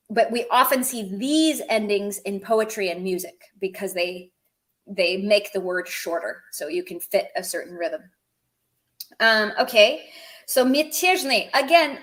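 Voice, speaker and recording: A woman with a somewhat high voice leads a language lesson, talking at an unhurried, deliberate pace. She breaks words down one at a time and turns to chat with her viewers. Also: fairly bright tone, low-quality recording. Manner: explains word by word, chatty asides to viewers. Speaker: Russian language teacher. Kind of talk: live-stream language lesson.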